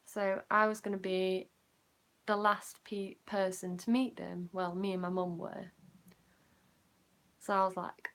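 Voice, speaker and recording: A teenage Yorkshire girl chatting through a storytime vlog, voice sitting at an ordinary middle pitch. She rambles with plenty of "like" fillers, and her voice sinks softer whenever she remembers being nervous. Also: flat delivery, measured pace, pauses often. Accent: Yorkshire English. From Yorkshire, England. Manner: chatty, rambling, many "like" fillers, drops quieter when recounting nerves. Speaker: vlogger. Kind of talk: casual storytime.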